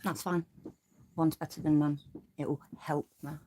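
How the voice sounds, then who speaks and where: A woman's voice: sits low, little pitch movement, normal speed, dark tone, slight background noise. A woman hosting a casual livestream from bed, rambling and self-deprecating as she greets her viewers by name. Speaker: livestream host. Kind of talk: casual live chat. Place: in bed, away from home. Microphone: audio only, no camera.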